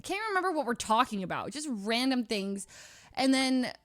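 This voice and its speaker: A woman's voice: fairly high pitch, very animated, moderate pace, fairly bright tone, dry recording. A young woman streamer casually telling a story to her chat, rambling with many fillers and restarts and laughing often.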